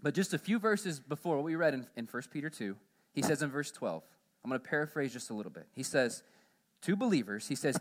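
A man preaching a sermon in church as pastor, who pushes his voice higher and louder on key points and then drops low and quiet to close them. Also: big pitch swings, quick pace.

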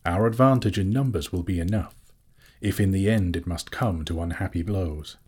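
A man voices a proud elf king who speaks in a measured, formal way. The voice stays deep and husky, close to the reader's own. It is a storybook character. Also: darkish tone. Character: proud male elf king, cautious and stately. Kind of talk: audiobook character voice.

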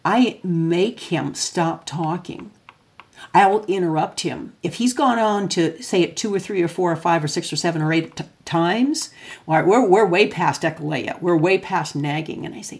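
Chatty woman with a slightly low voice. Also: normal speed. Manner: chatty, self-described extrovert, laughs often. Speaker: podcast host. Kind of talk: casual parenting monologue.

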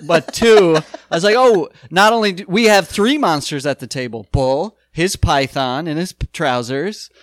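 A man co-hosting a casual podcast chat about a sitcom episode, animated and quoting the characters as he goes. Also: on the high side, moderate pace, hardly any pauses, no room sound, studio quality. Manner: animated, quotes characters, restarts often. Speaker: podcast co-host.

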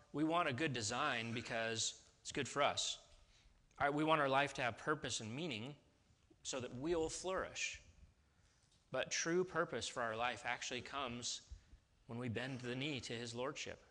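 A man's voice: medium pitch, normal speed, bright, forceful tone. A man preaching a sermon in a casual, conversational way, with restarts and sudden emphatic rises. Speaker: pastor.

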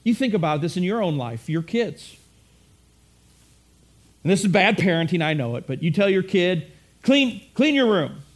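A man's voice: high-pitched, animated, normal speed, long pauses. A middle-aged man preaching a sermon in a conversational way, repeating phrases and acting out quotes. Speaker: pastor.

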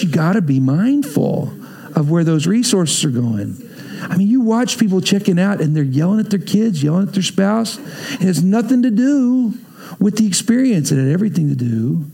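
A man's voice: sits high, darkish tone. A middle-aged man, preaching a sermon as a pastor, telling stories with playful acted asides and sound effects.

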